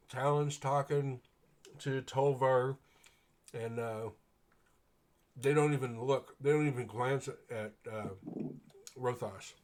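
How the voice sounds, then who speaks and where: A man running a tabletop game as game master, narrating scenes and calling for rolls in a relaxed, hesitant way with frequent fillers. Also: medium pitch, slight background noise.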